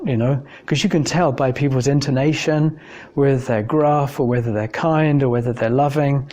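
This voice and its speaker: This speaker, a man from England, talks about evidence for God in an informal, conversational way, telling personal stories with thought and many fillers. His tone is steady and a little mellow, his pitch medium, and he speaks at normal speed with few pauses.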